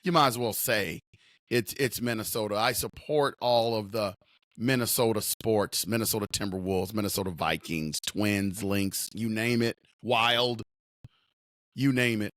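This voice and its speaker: A man's voice: on the low side, a little slow, a bit bright, no room sound, studio quality. A man hosting a sports talk show, speaking with emphatic, repetitive hometown enthusiasm. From Upper Midwest. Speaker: sports podcast host.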